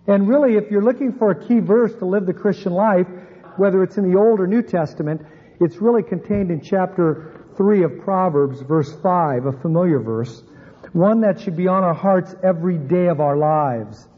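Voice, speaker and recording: A man with a high voice preaches a sermon earnestly, sinking his voice low to stress key points. The recording sounds dull and muffled. A long reverb trails behind him in the church sanctuary. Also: normal speed, slightly rough. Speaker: pastor.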